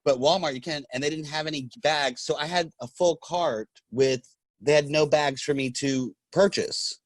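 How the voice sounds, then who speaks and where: A man's voice: fairly high pitch, normal speed, no echo. A man co-hosting a podcast in casual chat, joking in a campy way and mimicking people in his stories. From Los Angeles. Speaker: podcast co-host.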